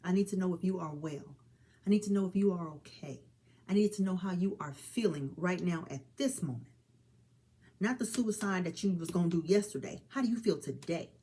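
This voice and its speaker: A woman's voice: fairly low pitch, brisk, dark tone, husky. A woman in her forties speaking earnestly and directly to listeners, calling them honey and child as she pleads for people to help each other. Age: 40s. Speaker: mother speaking on suicide awareness. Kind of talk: heartfelt direct-to-camera talk.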